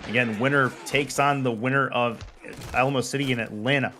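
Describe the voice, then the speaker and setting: Excited male play-by-play commentator. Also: mid-range voice, a little fast, a little hiss or hum. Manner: calm play calling that jumps to excited shouting on big plays. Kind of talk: live sports play-by-play.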